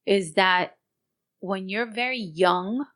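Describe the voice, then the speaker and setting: A woman co-hosting a podcast, telling a story in casual chat, animated and mixing Spanish phrases into her English. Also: mid-range voice, slow. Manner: animated, code-switching into Spanish, laughing while telling a story. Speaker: podcast co-host.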